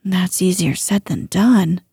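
A plucky, practical miner boy, whispered by a woman reading a storybook, breathy and low in whispered role-play. He talks in a matter-of-fact way, mellow and slow. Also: no echo, studio quality, full character voice. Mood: hushed, practical.

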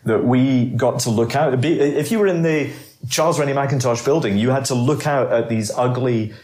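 A man's voice: medium pitch, normal speed, a little mellow. Interview guest, male, sixties, Scottish-raised storyteller; roomy room sound. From Scotland. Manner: long anecdotal answers with wry asides. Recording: roomy echo.

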